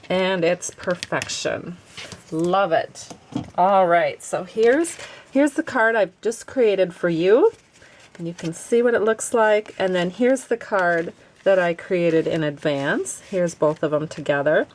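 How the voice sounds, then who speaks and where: A woman hosting a craft tutorial, chatting warmly and enthusiastically as she explains each card-making step. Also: lowish voice.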